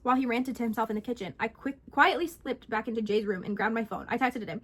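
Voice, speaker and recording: A young woman reads a scary story aloud for her vlog. Her voice sits high, and she leans into the drama of each line. Her delivery is animated and expressive. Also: fast talker, hardly any pauses. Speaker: vlogger.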